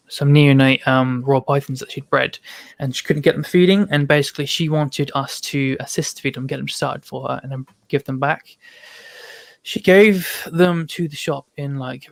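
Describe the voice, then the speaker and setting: A man's voice: a little high, creaky, no room sound. A man, a podcast guest, telling casual stories full of ums and restarts. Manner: rambling storytelling with many ums. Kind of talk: casual chat.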